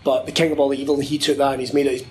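A man's voice: mid-range voice, flat delivery, very fast, noisy background. A man who works as a wrestling commentator, chatting casually and rambling, often swearing and laughing. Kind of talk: casual podcast interview.

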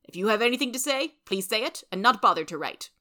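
A woman's voice: on the high side, lively intonation, fast talker, bright, forceful tone, pitched above the performer's own voice. A woman reading out the letter of a stern, cold elderly uncle in a storybook, firm and formal.

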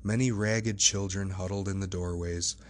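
A man narrating a classic novel as an audiobook, in a steady, measured reading. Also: low-pitched, a little hiss or hum. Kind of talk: scripted narration.

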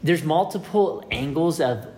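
A man's voice: fairly high pitch, animated, measured pace, darkish tone. A man in a casual, rambling monologue who repeats his words as he goes and acts out small scenes.

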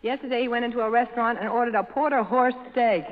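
A woman's voice: on the high side, steady tone, quick pace. Coy woman in an old radio comedy. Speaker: actress guest. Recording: muffled old radio broadcast with long reverb.

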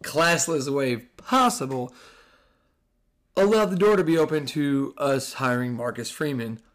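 A young adult man from New Jersey with a New Jersey accent, hosting a casual solo podcast in a sarcastic, animated, swearing manner. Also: mid-range voice, a little slow. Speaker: podcast host.

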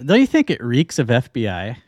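A man's voice: mid-range voice, wildly swooping pitch, brisk, a little mellow, dry recording. A man co-hosting a podcast in casual chat, laid-back and questioning.

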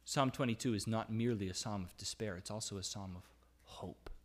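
A man preaching a sermon, reading psalm verses aloud and calling out the anguished cries with a raised voice, then dropping back to an easy conversational tone that often checks in with "right?". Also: fairly quick. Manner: reads scripture aloud and rises in pitch and volume when voicing anguished cries. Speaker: pastor.

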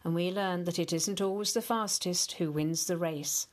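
A woman reading a children's story aloud in a gentle, unhurried way, talking to the children directly. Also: lowish voice.

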